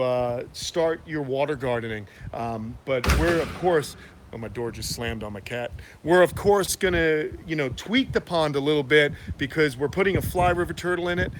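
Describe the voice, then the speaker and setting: Chatty, sniffly man vlogging from home. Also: fairly high pitch. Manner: loose and chatty, many "uh" fillers. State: sniffly from a runny nose. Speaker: tortoise breeder and vlogger. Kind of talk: casual live vlog. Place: at home in Florida, indoors and by the front of his house. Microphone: phone camera, partly in selfie mode.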